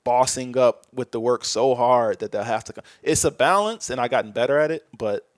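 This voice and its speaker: A man's voice: medium pitch, fairly quick, dry recording. A man talking candidly as a podcast guest in a casual chat, reflective and often trailing off mid-thought.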